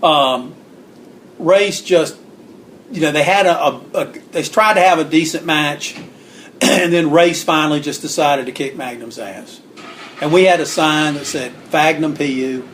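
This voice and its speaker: A man on an interview, spinning stories with animated energy and acting out what people said. His voice sits a little high, and he clears his throat now and then. A faint hiss runs underneath. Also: measured pace. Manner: animated storyteller acting out quotes. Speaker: guest author. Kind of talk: storytelling interview.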